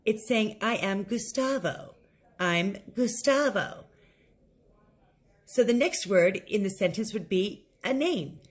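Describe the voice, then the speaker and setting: A woman teaching an English lesson, modeling set phrases slowly and clearly for learners to repeat. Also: mid-range voice. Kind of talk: recorded language lesson.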